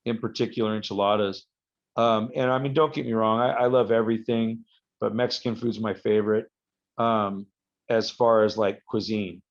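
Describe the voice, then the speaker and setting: A man, a wrestler being interviewed, telling rambling stories with halting restarts. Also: on the low side, little pitch movement. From United States. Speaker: guest, professional wrestler. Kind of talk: casual podcast interview. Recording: slightly dull lo-fi audio.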